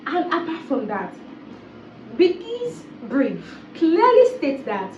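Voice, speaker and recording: A woman's voice: very high-pitched, wildly swooping pitch, slow pace, a little mellow, a little hiss or hum. A woman giving a casual, exasperated commentary and repeating phrases for emphasis. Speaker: reality TV commentator. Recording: roomy, distant, dull sound.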